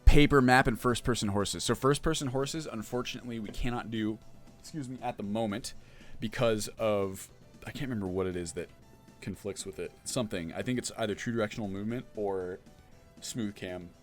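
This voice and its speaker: Chatty low-voiced man streaming. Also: brisk, soft background music. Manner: chatty, thinks aloud, reads chat and answers it. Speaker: mod developer streaming. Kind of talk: casual livestream chat.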